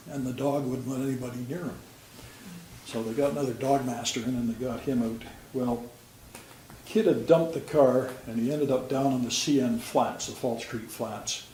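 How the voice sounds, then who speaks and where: An older man recalls his years on the police force in a plain, folksy way, with dry humor between the stories. His voice sits at an ordinary pitch. The recording is roomy, with a faint hum behind him. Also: mellow. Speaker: retired police officer. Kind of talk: storytelling. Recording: roomy sound with faint background noise.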